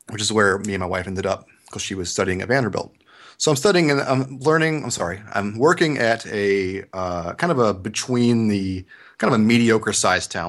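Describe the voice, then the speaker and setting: A young man from the US South with a Southern accent, telling a story on a podcast and acting out the quotes. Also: fairly low pitch. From Georgia, US South. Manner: animated storyteller, acts out quotes. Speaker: podcast host. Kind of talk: casual podcast chat.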